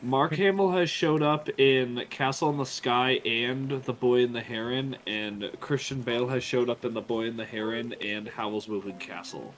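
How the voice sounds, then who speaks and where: A man in a casual podcast-style chat, calmly explaining bits of trivia with some hesitation. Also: mid-range voice, moderate pace, few pauses, slight background noise. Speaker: podcast guest.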